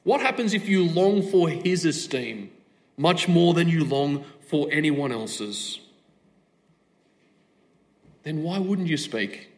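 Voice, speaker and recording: A man's voice: a little high, animated, slow, long pauses. A man preaching a sermon, asking a string of rhetorical questions with emphatic stress.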